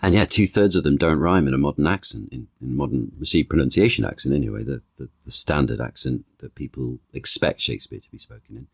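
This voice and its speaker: Very deep-voiced man, thoughtful guest. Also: sing-song, vocal fry, husky, dry recording, studio quality. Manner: thoughtful, halting, with frequent restarts and analogies. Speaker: guest, actor and author. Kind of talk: conversational podcast interview.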